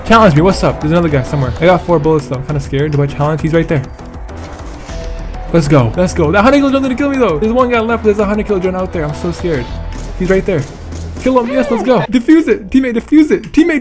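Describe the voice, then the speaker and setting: A young man giving excited gameplay commentary, laughing, gasping and repeating himself as he plays. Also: high voice, fast talker. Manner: excitable, laughs and gasps often, repeats phrases. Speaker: gaming YouTuber. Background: background music.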